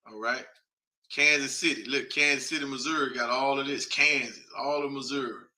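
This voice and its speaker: A man's voice: mid-range voice, steady tone, moderate pace, sharp tone. A man hosting a casual broadcast, thinking aloud and talking straight to his viewers in an informal, chatty way as he reads through a list. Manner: thinks aloud while reading a list off a map. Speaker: host.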